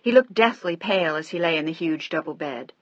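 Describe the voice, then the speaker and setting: A woman narrating a romance novel in a measured, steady audiobook reading. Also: low voice, dry recording. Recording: dry, slightly dull audio.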